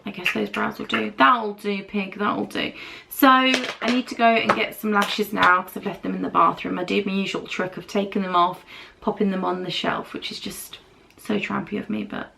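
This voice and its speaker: Chatty British woman with a gravelly edge. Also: medium pitch, noisy background. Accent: British English. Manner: chatty, candid, rambling storytelling. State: recovering from a dental procedure. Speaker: beauty vlogger. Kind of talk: casual chat while doing makeup.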